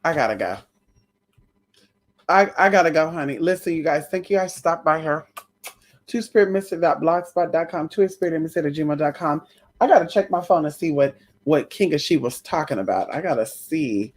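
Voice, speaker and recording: A woman's voice: deep voice, expressive, normal speed. A tired woman hosting a casual live stream, chatting to her viewers and calling them girl and honey.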